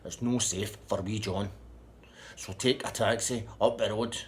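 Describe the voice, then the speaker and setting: A man voicing a hot-tempered, boastful Scottish man who swears and shouts with a Scottish accent. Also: fairly low pitch, steady tone, unhurried, lightly acted. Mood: irritated.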